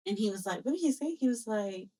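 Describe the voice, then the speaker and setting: Young woman on a podcast, chatty and animated, plays out who said what, mid pitch. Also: fast talker. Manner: animated storyteller, acts out quoted exchanges, mixes in Spanish phrases. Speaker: podcast co-host. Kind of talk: casual storytelling chat.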